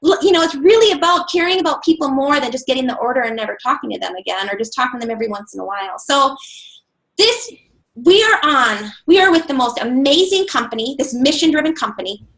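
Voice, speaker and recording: A woman's voice: high-pitched, sing-song, fast, fairly bright tone, poor audio. A woman giving an earnest, passionate sales talk as a guest speaker on a group conference call. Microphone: phone or computer on a conference call.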